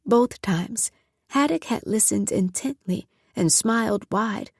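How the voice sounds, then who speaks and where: A woman narrating a story in a measured, scripted audiobook reading. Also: medium pitch, expressive, vocal fry, a little mellow, husky, dry recording, clean studio sound.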